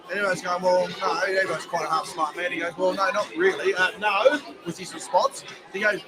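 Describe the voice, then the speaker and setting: An Australian man, a former footballer, telling lively anecdotes and acting out quotes at a live show. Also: high-pitched, a little fast, few pauses, over loud music. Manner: animated anecdotes, acts out quotes. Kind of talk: casual storytelling chat. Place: live venue with crowd. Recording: noisy crowd at live show.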